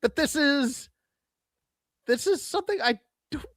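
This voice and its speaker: A man co-hosting a wrestling podcast, giving his opinions in animated casual chat with stammering restarts. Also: extremely high pitch, measured pace, no room sound, studio quality. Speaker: podcast co-host.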